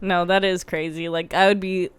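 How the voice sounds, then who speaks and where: A woman's voice: fairly low pitch, little pitch movement, moderate pace, clear, resonant tone. A young woman co-hosting a podcast, reacting in short casual interjections.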